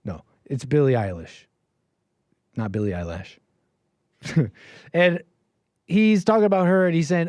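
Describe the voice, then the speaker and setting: A man's voice: fairly high pitch, big pitch swings, moderate pace, long pauses, dark tone, no room sound. A man hosting a call-in livestream, reacting to clips in casual, rambling commentary with many fillers and a sarcastic, dismissive edge. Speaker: livestream host taking calls.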